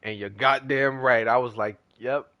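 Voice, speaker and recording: Young dude streamer just rambling, slangy, mid pitch, dry muffled mic. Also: male voice, steady tone, a little slow, no echo. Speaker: gaming streamer. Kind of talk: casual gaming chat.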